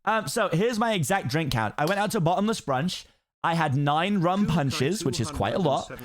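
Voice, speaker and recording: A man's voice: fairly high pitch, expressive, normal speed. A tipsy young British man chatting on a live stream in a rambling, giggly way. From Britain. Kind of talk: casual chat on a live stream.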